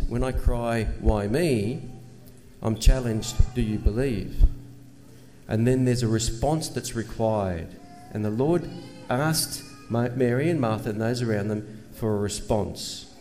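A man's voice: lowish voice, mellow. A man preaching a sermon in an earnest manner, asking rhetorical questions and pressing his points with emphasis. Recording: long reverb, faint ambient noise.

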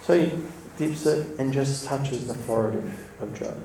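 A man delivers a relaxed, anecdotal sermon full of asides. His voice has a gravelly edge and sits at a middle pitch. He is picked up from across an echoey room with a faint hum of ambience behind him. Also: normal speed, distant mic. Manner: chatty, laughs between points, lively storytelling. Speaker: church speaker. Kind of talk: informal sermon with storytelling.

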